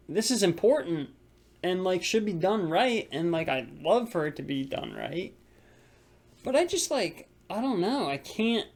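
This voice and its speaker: A young man co-hosting a podcast, telling a frustrated story about work in a rambling, casual way full of filler words. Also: on the high side. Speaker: podcast co-host.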